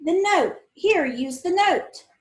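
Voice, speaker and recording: A woman voicing an excitable, eager young girl, speaking in an eager, breathless way. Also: very high-pitched, takes it slowly, voice pushed up, full character voice. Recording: roomy echo.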